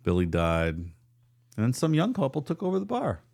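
A man's voice: mid-range voice, huge pitch swings, normal speed, vocal fry, darkish tone. A man co-hosting a casual podcast chat, laid-back and laughing easily. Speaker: podcast co-host.

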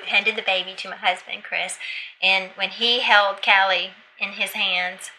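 On a podcast, a middle-aged female guest casually recounts an emotional story, pitching higher when quoting other people. Her tone is sharp, and the rough recording carries a little hiss or hum.

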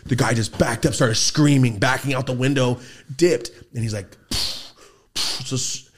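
Casual and animated, a male podcaster with a mid-range voice narrates a profane street story at normal speed. He acts out the quotes and the gunshots right there in the studio.

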